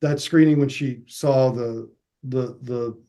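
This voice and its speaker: Animated man telling a filmmaking story. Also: medium pitch, slow pace. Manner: animated storyteller, restarts often, acts out quotes. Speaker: filmmaker being interviewed. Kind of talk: casual interview over video call.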